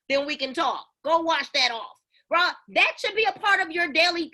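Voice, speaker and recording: A woman giving an energetic motivational talk on a video call, preaching and calling out to her listeners. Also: very high voice, normal speed. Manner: preachy, exclamatory, call-and-response. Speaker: network marketing leader.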